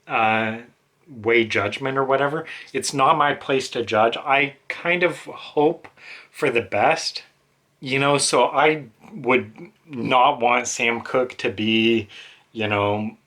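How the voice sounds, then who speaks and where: A man's voice: mid-range voice, bright, forceful tone. A man hosting a book channel, talking in a rambling, emotional way with many fillers. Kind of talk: casual monologue.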